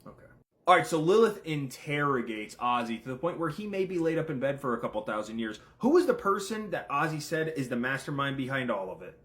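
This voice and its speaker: A content creator with a medium-pitched voice gives casual commentary, firing off rapid questions. He's excitable and swears freely.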